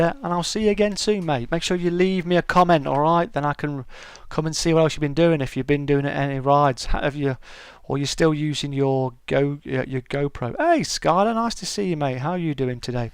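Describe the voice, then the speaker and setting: A man's voice: a little high, fairly quick, few pauses, clean tone, no echo. A middle-aged man hosting a casual live-stream chat, greeting viewers by name and calling them mate.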